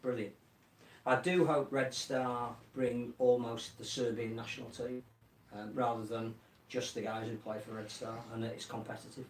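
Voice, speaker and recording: A man co-hosting a casual sports chat, giving measured, thoughtful comments with dry quips. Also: mid-range voice, fairly even intonation, slight background noise. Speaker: co-host. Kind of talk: casual radio-style chat. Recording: roomy studio audio from a distance, faint background.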